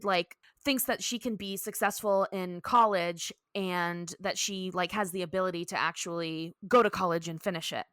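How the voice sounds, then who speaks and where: A woman co-hosting a podcast, animatedly recapping an episode in casual chat and dipping into quick character voices. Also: mid-range voice, fairly bright tone, no room sound, studio quality. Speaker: podcast co-host.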